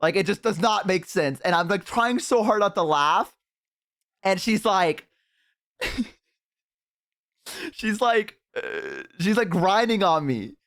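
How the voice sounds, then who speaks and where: Slow and expressive with long pauses, a man's high, slightly bright voice carries a rambling story to his stream chat. He's at home on a headset, swearing freely and laughing in bursts.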